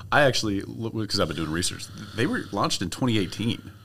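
A man's voice: on the low side, expressive, brisk, vocal fry, a bit bright, slight background noise. A man co-hosting a casual tech podcast, laid-back, with short replies. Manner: laid-back, laughs easily, brief replies. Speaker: podcast co-host.

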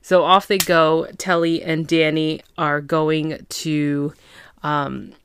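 A woman's voice: low-pitched, flat delivery, takes it slowly, a bit bright, a little hiss or hum. A woman hosting a podcast who recaps a TV episode in casual chat. She is full of fillers and acts out the characters' lines as she goes. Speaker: podcast host.

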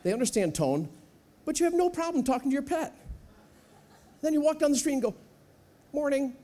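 A man preaching a sermon as a guest speaker in a church, animated and humorous, acting out little voices as he goes. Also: extremely high pitch, fairly quick. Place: church sanctuary.

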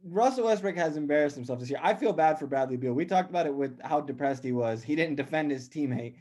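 A young man hosting a casual sports talk show, chatty and quick to laugh, steering the talk with questions. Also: on the high side, lively intonation, a little mellow. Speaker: podcast host.

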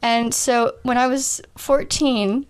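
A woman's voice: fairly high pitch, steady tone, takes it slowly, clean tone. A young woman co-hosting a comedy podcast, giggly and self-deprecating, chatting casually and trying silly impressions. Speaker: podcast co-host.

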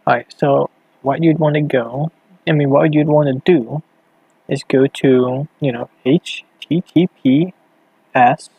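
A man hosting a casual late-night solo podcast, rambling and halting as he thinks aloud while clicking around on his computer. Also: medium pitch, breathy edge, no room sound, dull audio. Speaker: podcast host.

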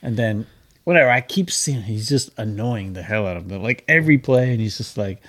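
Low-voiced man telling a story. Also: fairly quick. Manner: animated storytelling, mimics people. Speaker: podcast co-host. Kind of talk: casual chat.

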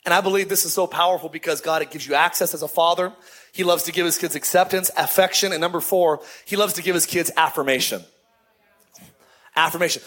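A middle-aged man, a lead pastor, preaching a sermon in a lively, conversational way with repeated phrases. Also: on the high side, fast.

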